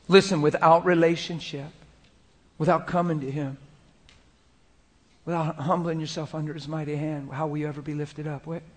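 A male preacher with a slightly higher voice, talking to a room of listeners in a relaxed, conversational sermon. He drops into soft, murmured prayer and then brightens into goofy, laughing anecdotes. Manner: conversational, shifts into soft spoken prayer and playful storytelling. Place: church room before a congregation.

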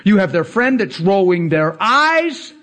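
A male preacher delivering a casual, storytelling sermon, animated and slangy, often laughing as he talks. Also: high voice, measured pace.

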